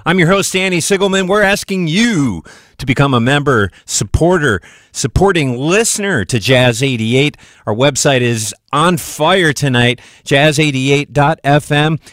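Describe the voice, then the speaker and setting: A man's slightly high voice moves at a measured pace as he hosts a live jazz radio program in the studio, chatting easily with plenty of fillers and pitching a pledge drive for donations. He sounds a bit out of breath, with no room sound.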